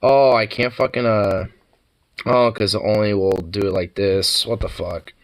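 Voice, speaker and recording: A man's voice: fairly low pitch, steady tone, unhurried, low-quality recording. A young man vlogging in a loose, rambling way, swearing freely and laughing between thoughts. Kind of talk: casual rambling chat.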